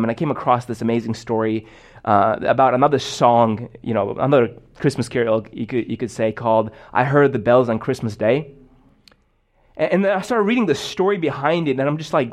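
A man's voice: mid-range voice, darkish tone. A young man preaching a sermon in a casual, storytelling way, full of fillers and restarts. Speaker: pastor.

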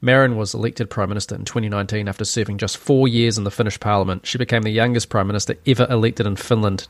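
A man's voice: lowish voice, dry recording, studio quality. A man hosting a solo opinion podcast, talking in a sarcastic, rambling way. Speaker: podcast host.

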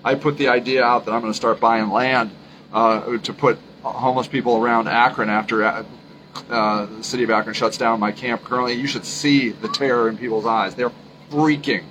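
A man's voice: mid-range voice, fairly even intonation, background noise. Emphatic man in a solo podcast monologue. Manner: earnest, emphatic, repeats his points; halting, frequent restarts. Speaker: podcast host.

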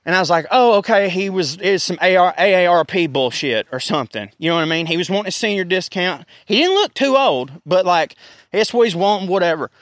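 Man in his thirties, high-pitched voice, dry close sound, profane casual storyteller. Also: a little fast, no echo. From American South. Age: 30s. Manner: profane, animated storytelling with laughs. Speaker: podcast host.

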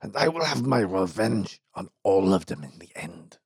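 A man voicing a sick, bitter old mine owner with weak lungs who speaks in a wheezy, hushed, coughing voice. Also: deep voice, sing-song, moderate pace, breathy edge, dry recording, studio quality, heavily acted. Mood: bitter, suspicious.

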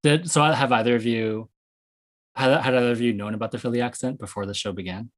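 A man's voice: mid-range voice, fast talker. A man from the US West Coast hosting a casual discussion, rambling with many fillers and restarts.

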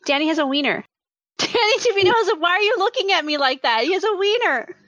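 A woman in her thirties with a high, nasal voice chats as a podcast co-host. She talks in a self-mocking, animated way. The sound is dry and close, with no room around it. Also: quick pace, dry recording, muffled recording. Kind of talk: casual chat.

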